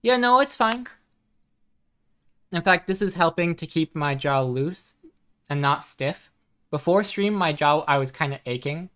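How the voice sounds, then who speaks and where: Low-voiced woman chatting while gaming. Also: lively intonation, a little slow, long pauses. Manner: chatty, soft-spoken, reads chat aloud. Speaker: streamer. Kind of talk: casual live gaming chat.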